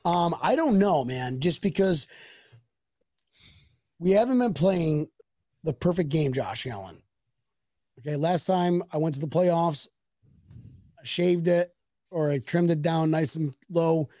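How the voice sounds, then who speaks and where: A man's voice: fairly high pitch, expressive, measured pace, pauses often, dark tone, no echo, studio quality. A man co-hosting a casual sports chat, rowdy and joking, swearing and slipping into silly voices. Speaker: podcast co-host.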